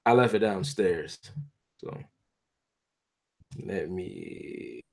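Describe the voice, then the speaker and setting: A man's voice: low voice, wildly swooping pitch, extremely slow, creaky. A man vlogging casually to his viewers, rambling and chatty, full of slang and restarts. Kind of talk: casual talk to camera.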